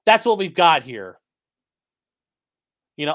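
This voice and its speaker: A man's voice: sits high, lively intonation, normal speed, a bit bright. A man hosting his channel, mocking a court filing in profane, incredulous commentary and talking to his live chat. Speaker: channel host.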